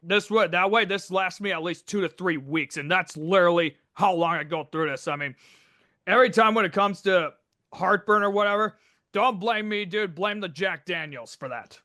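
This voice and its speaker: A man's voice: high-pitched, normal speed, pushed and bright, dry recording, studio quality. A young man hosting a casual podcast, brash and joking, swearing constantly. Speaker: podcast host. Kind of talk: casual profane podcast chat.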